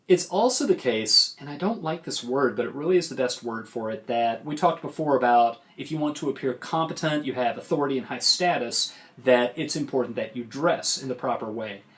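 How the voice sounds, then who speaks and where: Man lecturing on debate delivery. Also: mid-range voice. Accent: western United States. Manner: measured, emphatic teaching tone. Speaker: forensics coach.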